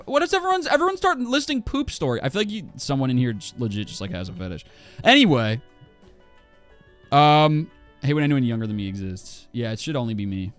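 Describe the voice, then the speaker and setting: Lively young man ranting on stream. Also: mid-range voice, clean tone. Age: 20s. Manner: animated, swearing, lots of fillers and restarts. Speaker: livestreamer. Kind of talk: casual ranting chat while gaming.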